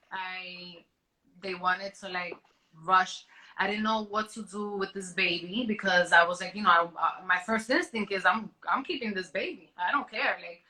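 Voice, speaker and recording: A woman's voice: medium pitch, sharp tone, poor audio. A woman in an interview, earnestly telling her own story, often restarting her sentences and acting out what others said to her. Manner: frequent restarts and trailing off.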